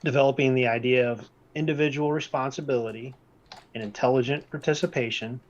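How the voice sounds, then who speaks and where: A man presenting a document overview in a measured way, repeating his key points for emphasis. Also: medium pitch, steady tone, muffled recording, slight background noise. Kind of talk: reading-based presentation.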